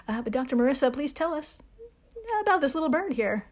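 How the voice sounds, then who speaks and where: A playful woman hosting a podcast, teasing her co-host and dropping the odd swear word. Her voice sits slightly high. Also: animated, fairly quick. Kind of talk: casual podcast chat.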